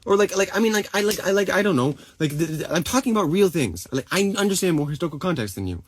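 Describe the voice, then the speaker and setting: A young man live streaming, ranting furiously with heavy swearing and halting restarts. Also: high-pitched, animated, slight background noise. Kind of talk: angry live-stream rant.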